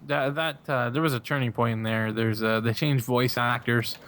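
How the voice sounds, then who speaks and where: A man's voice: medium pitch, fairly even intonation, normal speed, a bit bright. A young man, a podcast guest, chatting casually, rambling with lots of fillers and laughing often. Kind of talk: casual chat.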